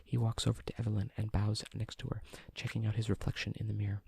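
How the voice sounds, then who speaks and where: A man reading a novel aloud as a whispered role-play, in a hushed, even manner. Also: fairly low pitch, fast talker, creaky, few pauses, breathy edge, no echo. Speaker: audiobook reader.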